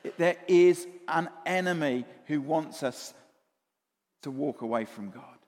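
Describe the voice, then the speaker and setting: A man preaching a sermon, animated, often repeating words and asking the congregation questions. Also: a little high, measured pace, big-room sound.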